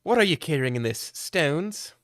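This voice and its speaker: A courteous young traveler with a put-on British accent, stiffly formal and raised in pitch, as a man puts him on. The recording is dry, with no room sound. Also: animated, moderate pace, a bit bright, dry recording.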